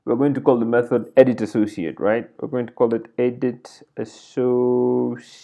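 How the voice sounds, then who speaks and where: Recorded on lo-fi equipment, this coding tutorial instructor speaks at a moderate pace in a creaky, medium-pitched voice that barely rises or falls. Sitting at a computer indoors, he narrates his thinking while typing and keeps saying "right?" and "like this."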